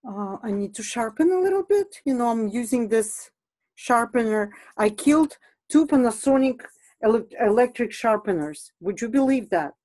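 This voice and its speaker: A woman talks through an art lesson as she draws. Her voice is mellow and soft-edged, and the sound is close and dry with no room around it. She is chatty, laughs easily and often pauses on fillers. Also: on the high side, expressive, no room sound, low-quality recording. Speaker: art instructor. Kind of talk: casual teaching while drawing.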